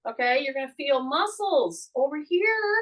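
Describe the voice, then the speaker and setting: A woman's voice: sits high, expressive, normal speed, a bit bright. An older woman, a fitness instructor, leads a live online exercise class, repeating posture cues and teasing her students now and then. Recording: voice from a distance off the mic.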